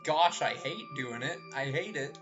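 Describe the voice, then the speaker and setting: A man's voice: medium pitch, expressive, a little slow. A man casually commentating while streaming a visual novel, chatty and rambling with jokey complaints. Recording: slightly muffled stream audio with faint game music.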